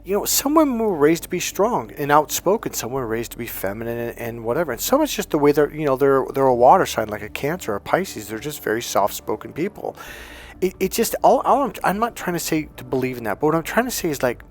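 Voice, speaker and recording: A man's voice: on the high side, fast. A man who coaches men on dating, talking casually to his viewers, swearing freely and acting out the people in his stories. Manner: profane, animated storyteller acting out quotes. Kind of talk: casual lecture to camera.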